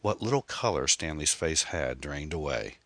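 A man reading a mystery novel aloud in a measured, dramatic narration. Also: extremely low pitch, lively intonation, sharp tone, dry recording. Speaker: audiobook narrator. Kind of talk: scripted narration.

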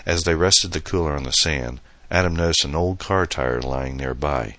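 A man reading an audiobook novel as narrator, in steady, measured storytelling. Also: rumbling low, dry recording. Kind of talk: scripted narration.

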